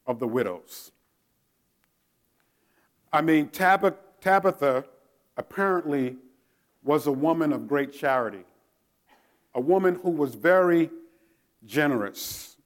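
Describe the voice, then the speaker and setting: A middle-aged male pastor preaching a sermon. He moves from a quiet prayer into lively storytelling and calls out loud military commands. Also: a little high. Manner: prays softly, then tells stories with shouted drill commands.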